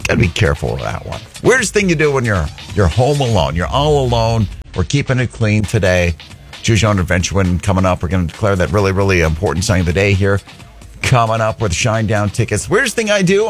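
Chatty morning radio guy, lowish voice, really bouncy delivery. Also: big pitch swings, fairly quick, soft background music. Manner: upbeat, chatty, swings pitch for emphasis. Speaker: radio host. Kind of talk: morning radio show chat.

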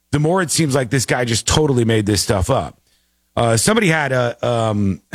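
Man, talk show host, lively swooping pitch, dry close sound, incredulous and joking. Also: no room sound. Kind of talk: casual news commentary.

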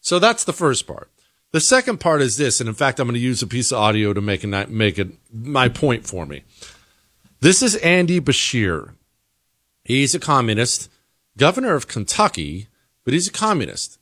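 A man's voice: medium pitch, big pitch swings, normal speed, a bit bright, no echo. Guy hosting a commentary show, opinionated and punchy, voice swings up and down, dry close sound. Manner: opinionated, emphatic. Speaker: host. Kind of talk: political commentary monologue.

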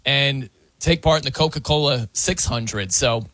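Bright-voiced man on sports talk. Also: medium pitch, unhurried, dry recording. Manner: animated, mimics wrestling announcers.

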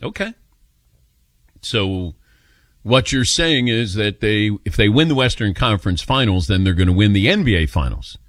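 A male radio host tells a story in a lively voice, swooping up and down in pitch as he acts out what people said. He is close to the studio mic, and the sound is dry. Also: moderate pace, dry recording. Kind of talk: casual radio talk show storytelling. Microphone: studio microphone.

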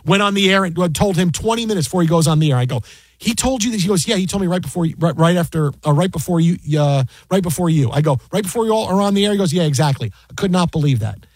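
Fast-talking husky man telling a story. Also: on the high side, dry recording. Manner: animated, acts out quoted dialogue, many restarts. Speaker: sports broadcaster and podcast guest. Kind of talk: casual storytelling chat.

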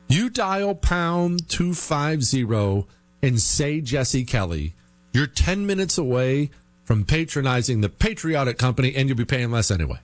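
Male talk radio host, animated pitch swings, dry studio sound. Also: a little slow, no echo. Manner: animated, mocking high voice when quoting listeners. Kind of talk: talk radio with live ad read.

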